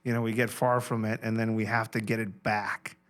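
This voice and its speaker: A man's voice: fairly low pitch, level tone, fairly quick, a bit bright. A man from Mexico, a comedian, talking casually as a guest with wry, dry humor and casual swearing. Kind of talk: casual conversational interview.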